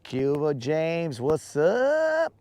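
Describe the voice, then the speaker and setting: A man's voice: fairly high pitch, wildly swooping pitch, drawn-out words, a little mellow, no echo. A man hosting a fishing livestream outdoors on a lake, joking in slang and greeting viewers by name. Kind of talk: casual live-stream chat.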